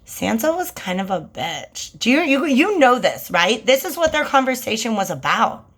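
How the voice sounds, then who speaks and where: A woman giving a casual tarot reading in a chatty, slangy, animated way. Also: a little high, normal speed. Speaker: tarot reader.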